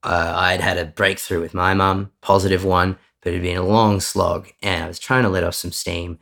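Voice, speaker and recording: A man with a very low voice talks candidly as a guest in an interview. There's a gravelly rasp under his words. He is earnest and often backs up to correct himself mid-sentence. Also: level tone, fairly quick, fairly bright tone. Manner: earnest, with frequent restarts and self-corrections. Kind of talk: candid conversational storytelling.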